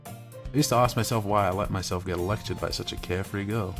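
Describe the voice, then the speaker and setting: A man's voice: lowish voice, a little fast, gravelly, music in the background. Young man narrating a visual novel. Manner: wry, deadpan asides and plain narration. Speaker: streamer reading a game aloud.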